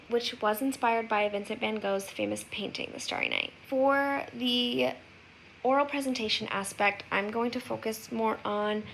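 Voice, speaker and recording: Reading a poem to her class and then reflecting on it, a young woman gives a sincere, thoughtful student presentation with the odd filler. Her voice is medium in pitch, and the poor-quality recording has slight background noise.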